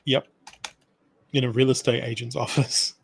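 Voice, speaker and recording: A man's voice: medium pitch, flat delivery, moderate pace, creaky, a little hiss or hum. A man co-hosting a podcast, giving blunt, dry, short replies in casual chat. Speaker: podcast co-host.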